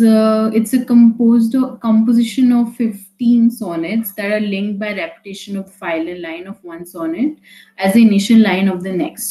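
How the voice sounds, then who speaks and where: A woman's voice: medium pitch, warm tone. A young woman with an Indian accent tutoring a student in a casual, chatty way, slipping Hindi into her English and full of fillers and restarts. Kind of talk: online poetry lesson. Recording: echoey room.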